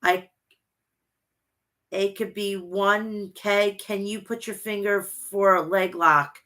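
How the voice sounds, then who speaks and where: A woman's voice: medium pitch, fairly even intonation, slow, bright, forceful tone. A young woman with a Long Island accent hosting a casual wrestling chat, blunt and brash, often laughing. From Long Island, New York. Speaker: wrestling podcast host. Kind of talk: casual livestream chat reading wrestling promos.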